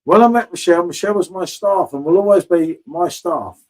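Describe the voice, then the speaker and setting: A man's voice: sits high, fairly quick, darkish tone, poor audio. A man in casual live-stream chat from a home bar, chatty and swearing freely, calling everyone mate.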